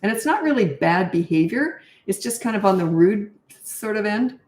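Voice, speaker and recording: A woman's voice: mid-range voice, animated, normal speed, darkish tone, roomy sound. An older woman, a parenting coach, answering viewer questions in a frank, chatty live Q&A and thinking aloud as she goes.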